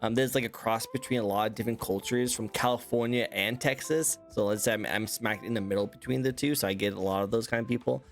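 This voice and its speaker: A man's voice: on the low side, fairly even intonation, quick pace, few pauses, faint music behind. A man hosting a casual online interview, easygoing and encouraging, laughing often. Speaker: interview host.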